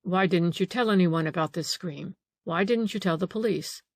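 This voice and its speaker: Gentle old male sleuth voiced by a woman narrator, lowish and even, close dry read. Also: normal speed, dry recording. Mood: pressing. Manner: polite, calm, questioning.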